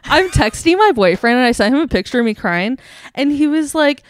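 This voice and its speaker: A young woman co-hosting a podcast, telling a story in a casual, animated way, laughing and acting out quotes. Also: a little high, moderate pace, dry recording. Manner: animated, giggly, acts out quotes. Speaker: podcast co-host.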